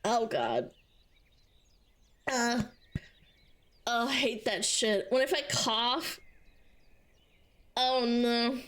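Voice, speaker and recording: A woman's voice: fairly high pitch, animated, drawn-out words, pauses often, fairly bright tone. A woman streaming live, chatting casually and chaotically with bursts of laughter while coughing with hiccups.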